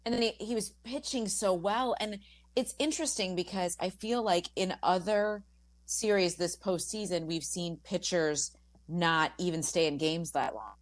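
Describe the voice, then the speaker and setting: A woman co-hosting sports talk radio, effusive and excited, restarting her sentences as she raves. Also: fairly low pitch, normal speed, dry recording. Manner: effusive, gushing, trailing restarts. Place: radio studio.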